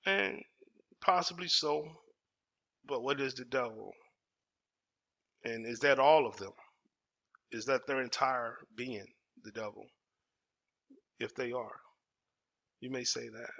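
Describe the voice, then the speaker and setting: A man's voice: mid-range voice, takes it slowly, creaky, long pauses, sharp tone. A man, telling a personal story in casual, emphatic talk and repeating phrases for effect. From Dallas, Texas. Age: 40s. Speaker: storytelling host. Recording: dull lo-fi audio.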